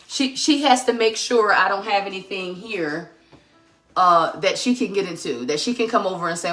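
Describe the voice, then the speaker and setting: A woman's voice: mid-range voice, normal speed, a bit bright, faint music behind. A middle-aged woman hosting a casual home cooking show, chatting and teasing as she works in her kitchen. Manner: chatty, teasing, thinks aloud while working.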